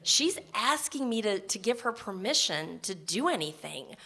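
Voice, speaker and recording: A woman telling a personal story live on stage before an audience, conversational and earnest, with quick restarts. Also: medium pitch, very animated, gravelly, sharp tone.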